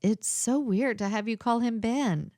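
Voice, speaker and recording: A woman's voice: fairly high pitch, a little slow, darkish tone, no echo, studio quality, pitched above the performer's own voice, natural voice. A woman voicing a young woman who is an experienced adventurer and speaks encouragingly to her friend. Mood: tender. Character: young woman, seasoned undercover adventurer, reassuring.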